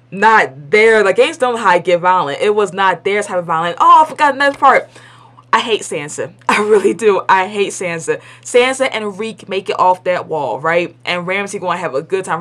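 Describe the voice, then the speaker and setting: A woman's voice: lowish voice, a bit bright. A young adult woman gives a casual spoken episode review at home. She rambles and is blunt and opinionated, with lots of "like" and restarts. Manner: chatty and rambling, full of "like" and restarts; blunt and opinionated, with colloquial grammar.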